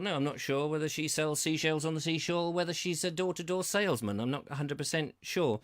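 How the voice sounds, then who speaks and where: He talks fast with hardly any pauses, his male voice pitched on the high side. This English host streams a comedy talk show live from his terraced house, rambling through viewer comments and fumbling tongue twisters for laughs.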